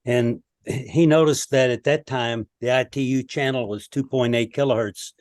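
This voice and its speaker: A man on a video call giving a knowledgeable comment, halting often with fillers. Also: medium pitch, fairly even intonation, a little mellow, no echo, clean studio sound. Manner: hesitant, many fillers, recounting. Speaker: participant with expertise.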